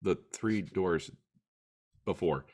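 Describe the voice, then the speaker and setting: Low-voiced man in easy podcast chat. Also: takes it slowly, a little mellow. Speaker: podcast host. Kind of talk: casual chat.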